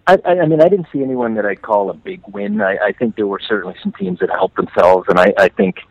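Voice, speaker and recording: A man from Canada talking hockey on a podcast, animated and full of restarts, his pitch leaping on stressed words. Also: quick pace, dry recording, highs cut off. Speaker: hockey writer guest. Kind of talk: casual podcast chat.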